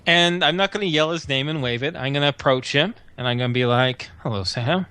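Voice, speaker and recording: A man's voice: on the high side, quick pace, sharp tone, clean tone. Brash, joking tabletop player man. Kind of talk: casual tabletop game play.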